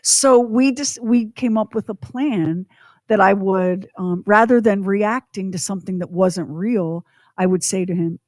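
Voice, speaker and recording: A woman's voice: mid-range voice, measured pace, darkish tone, dry recording, clean studio sound. A middle-aged woman co-hosting a podcast, telling a personal story in an earnest, reflective way. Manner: earnest, reflective, speaking openly about her past. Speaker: podcast co-host.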